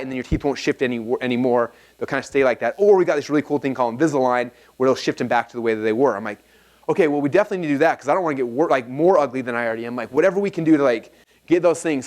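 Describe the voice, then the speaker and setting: A man in his thirties speaking to a live audience at a business seminar, telling stories animatedly and acting out the dialogue. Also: medium pitch. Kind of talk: storytelling seminar talk. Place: event hall with a live audience.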